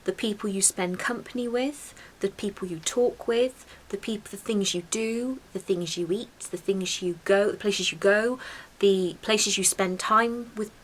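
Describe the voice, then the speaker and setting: A woman's voice: mid-range voice, a little slow, hardly any pauses, husky. A woman in casual chat, reflective and encouraging as she gives advice.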